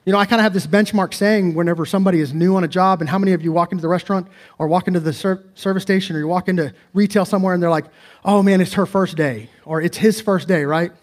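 Male pastor, slightly raised pitch; earnest, conversational sermon delivery with rhetorical questions. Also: fast talker.

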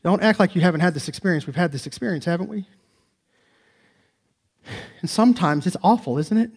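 A man, preaching to his congregation in an emphatic, conversational way. His voice sits a little high, and he keeps throwing rhetorical questions back at the listeners. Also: lively intonation, brisk, slightly rough. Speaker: pastor. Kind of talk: sermon.

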